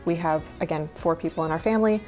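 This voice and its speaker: A woman in her thirties, chatty and candid, lists the things she no longer buys in a relaxed vlog. Her voice sits fairly low, with quick asides and little laughs, and faint music plays underneath. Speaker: minimalist lifestyle vlogger. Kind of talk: casual talking-head vlog.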